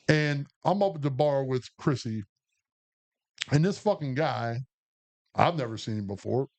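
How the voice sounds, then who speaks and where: Dude on a podcast, swears a lot, rambles and restarts, just chatting. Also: male voice, mid-range voice, expressive, a little slow, creaky, pauses often, a little mellow. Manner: profane, rambling, frequent restarts. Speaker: podcast co-host. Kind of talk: casual storytelling chat.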